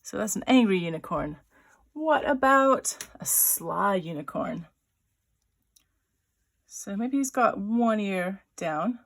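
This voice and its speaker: Woman doing a drawing lesson, chatty n playful, bit of gravel in the voice, thinks out loud. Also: medium pitch, expressive. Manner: chatty and playful, voicing little sound effects; talks while drawing, with pauses and restarts. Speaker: writer-illustrator teaching a drawing workshop.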